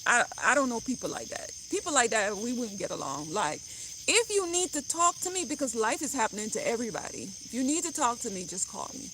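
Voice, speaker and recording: Woman vlogger, casual blunt chat, fairly high voice, phone recording outdoors, crickets and noise. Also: very animated, moderate pace, a bit bright. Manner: chatty, joking, blunt.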